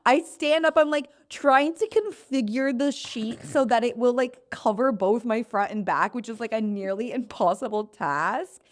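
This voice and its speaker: A woman's voice: a little high, normal speed, few pauses. A young adult woman co-hosting a podcast, telling a story in a rambling way that is full of "like" fillers. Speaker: podcast co-host. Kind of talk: casual chat.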